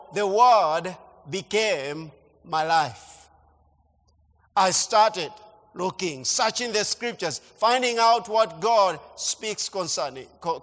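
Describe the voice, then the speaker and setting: High-voiced pastor preaching in a hall. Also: male voice, fairly bright tone. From Kenya. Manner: emphatic, repeats phrases, rising and falling delivery. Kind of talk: sermon. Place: church.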